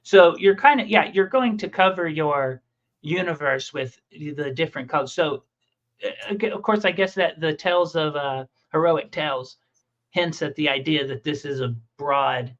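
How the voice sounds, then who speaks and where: A man's voice: on the high side, normal speed. A man telling stories and rambling in a casual conversation about making comics. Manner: rambling, animated storytelling with restarts. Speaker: comic creator and podcast host. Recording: muffled lo-fi audio.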